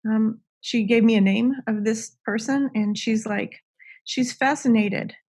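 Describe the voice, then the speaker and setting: A woman's voice: fairly high pitch, steady tone, measured pace, mellow. A middle-aged woman telling a personal story as a podcast guest, talking in a conversational way with many ums and restarts. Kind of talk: casual storytelling.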